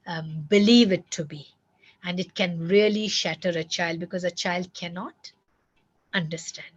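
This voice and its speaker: A woman giving earnest, emphatic parenting advice, repeating key words and speaking directly to listeners. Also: medium pitch. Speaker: parenting coach.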